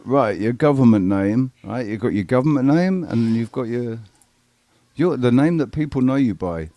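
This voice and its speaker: A man's voice: mid-range voice, expressive, moderate pace, mellow, dry recording. A man hosting a casual online panel chat, rambling and jokey. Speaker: host. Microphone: video call.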